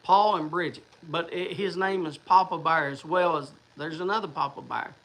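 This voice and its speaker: A man with a fairly high, fairly bright voice hosts a casual livestream, speaking at a moderate pace with fairly even intonation over a rough recording. He rambles and chats with viewers, restarting sentences and using fillers.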